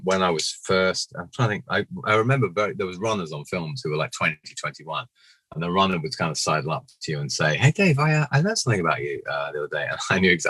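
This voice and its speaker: A man in his forties with a deep, slightly husky voice tells stories with lively energy, slipping into funny voices for the people he quotes. The sound is close and dry, with no room around it. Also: dry recording. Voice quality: naturally low register. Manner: animated storyteller, acts out quoted voices. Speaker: puppeteer guest. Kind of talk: casual interview anecdotes.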